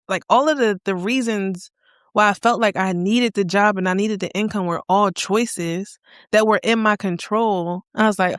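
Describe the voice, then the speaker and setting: A young woman from Philadelphia tells a personal story as an interview guest. She is animated and slips into quoting her own past self. The sound is dry and close. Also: medium pitch, dry recording. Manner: lively storyteller who acts out her own past dialogue. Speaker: guest, accountant and entrepreneur.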